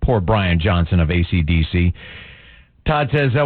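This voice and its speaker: A man's voice: mid-range voice, moderate pace, dry recording. Guy hosting a radio joke segment, bouncy up and down delivery, tinny phone-ish sound. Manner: lively joke delivery, voices the punchlines. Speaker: radio show host. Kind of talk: reading listener jokes on air.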